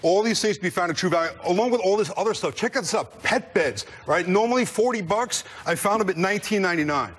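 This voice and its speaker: A man enthusiastically pitching holiday sale deals on a TV segment. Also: animated, fast, hardly any pauses, a bit bright, a little hiss or hum. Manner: enthusiastic salesy delivery. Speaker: home improvement guest. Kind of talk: upbeat product pitch.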